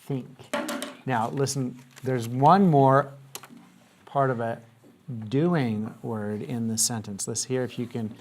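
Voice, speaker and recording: A man's voice: mid-range voice, takes it slowly, darkish tone. Patient male teacher quizzing a class. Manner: patient, asks questions and has students repeat. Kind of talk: classroom lesson.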